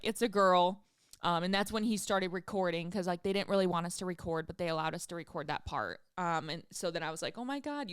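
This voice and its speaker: Woman in her 30s telling her story on her podcast, smooth clear voice, swears a lot, very dry close sound. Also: medium pitch, no room sound. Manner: candid and emphatic, swears freely. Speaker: podcast host. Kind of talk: casual storytelling.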